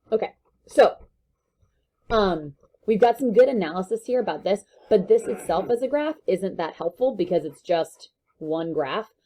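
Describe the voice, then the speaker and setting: A woman's voice: lowish voice, mellow. A woman teacher giving a recorded online lesson, talking in a casual, joking way with many fillers.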